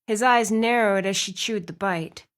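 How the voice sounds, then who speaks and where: A woman reading a romance audiobook aloud, with expressive narration. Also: mid-range voice, measured pace. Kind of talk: scripted narration.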